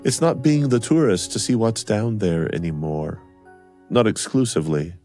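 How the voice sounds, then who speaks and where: Very deep-voiced male interviewer. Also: sing-song, normal speed, dark tone, soft background music. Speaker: interviewer, host. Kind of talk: reflective interview questions.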